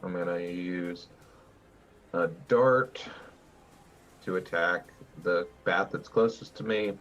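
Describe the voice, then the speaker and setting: A man playing a tabletop game, low-key and deliberate. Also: fairly bright tone, muffled recording. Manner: slow, low-key, counting out rolls. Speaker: player.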